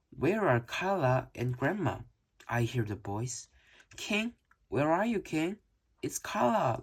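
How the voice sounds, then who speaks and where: Storybook reader: unhurried, husky-breathy tone, lively sing-song pitch, careful delivery with small slips. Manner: slow, careful reading with occasional slips. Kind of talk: reading a children's book aloud.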